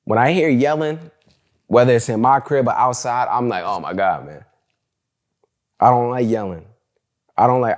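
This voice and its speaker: A young man hosts a solo podcast in a slightly low voice. He talks in a loose, candid, slangy way and keeps "bro" and "like" running through his stories. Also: darkish tone. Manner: candid, slangy storytelling, fills talk with "bro" and "like". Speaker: podcast host. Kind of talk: casual solo podcast monologue.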